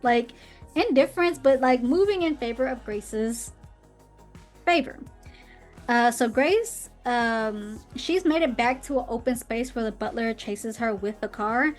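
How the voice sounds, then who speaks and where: Young female podcast host, casual recap, slightly high voice, soft music bed behind. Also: a little slow. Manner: chatty retelling with acted quotes and fillers.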